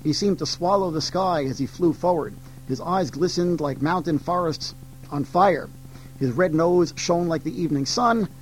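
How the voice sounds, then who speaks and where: A man's voice: fairly high pitch, normal speed, faint music behind, low-quality recording. A man reading literature passages aloud as a teacher, with ums and restarts when he talks between passages. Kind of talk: classroom read-aloud of literature.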